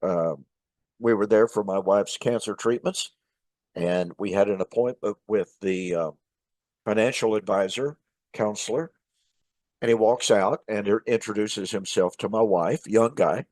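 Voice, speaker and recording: A man, a minister hosting his show, telling a casual personal story in a chatty, relaxed way with many "uh" fillers. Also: fairly low pitch, a little slow, no room sound.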